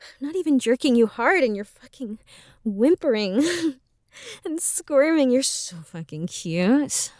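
Young woman voicing a teasing, bossy roommate for an intimate audio role-play; unhurried, hushed delivery with soft laughs, dry and close. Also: high voice, very animated, no echo.

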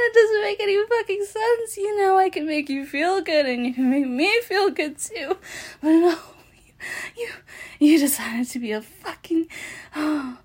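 A breathy, possessive woman, high-pitched and unhurried, sliding from moans into menacing threats, as a woman acts her out. She drags her words out slowly. It is an erotic audio role-play. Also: a little mellow. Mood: unhinged. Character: possessive, unhinged adult female performer.

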